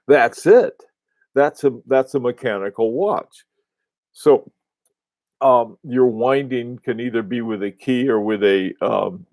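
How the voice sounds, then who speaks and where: A man hosting a casual livestream, answering viewers in a halting, rambling way with many restarts and fillers. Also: mid-range voice, a little mellow, dry recording. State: has the hiccups. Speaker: host of a live watch talk.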